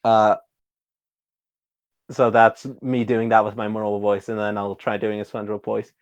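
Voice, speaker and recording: A young man hosting a casual podcast, goofy and quick to laugh, putting on an exaggerated persona voice. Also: on the low side, monotone, dull audio. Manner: giggly, goofy, breaks into laughter often; adopts a deliberately exaggerated persona voice. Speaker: podcast host.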